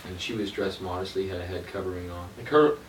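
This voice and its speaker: A man casually telling a story as a guest, animated and conversational. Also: low voice, fast talker. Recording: roomy, distant, noisy room recording.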